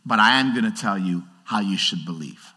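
Animated preacher in a reverberant hall. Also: male voice, on the low side, normal speed, breathy edge. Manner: conversational, animated preaching with acted-out quotes. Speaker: pastor. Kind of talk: sermon. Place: large church hall.

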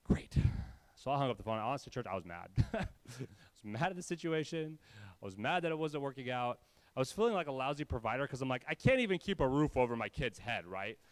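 A man preaching to his church, telling a personal story with animated, humorous quoted voices. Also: medium pitch, brisk, no room sound. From California. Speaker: pastor. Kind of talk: sermon storytelling.

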